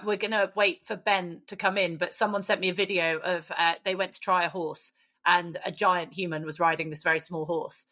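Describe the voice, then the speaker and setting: Woman cohosting a chatty podcast, cheeky and sweary, bright sharp voice. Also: fairly low pitch. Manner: cheeky, sweary, quick to laugh. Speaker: podcast co-host. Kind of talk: casual chat.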